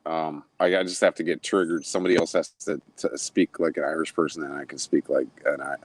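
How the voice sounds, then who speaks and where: A man chatting as a guest on a live panel, halting and tripping over his own words. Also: extremely low pitch, level tone. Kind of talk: casual chat.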